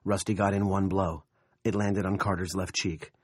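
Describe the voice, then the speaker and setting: A man narrating an audiobook in a gritty, husky voice, slipping into gruff character dialogue. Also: low voice, level tone, moderate pace, a little mellow, no room sound, clean studio sound.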